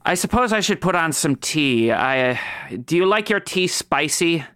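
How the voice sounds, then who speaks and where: A man's voice: on the high side, expressive, normal speed, a bit bright, smooth, no room sound, voice pushed up. A man doing a weary hag-armed being. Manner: sighing, hesitant. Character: weary male being with extra hag arms.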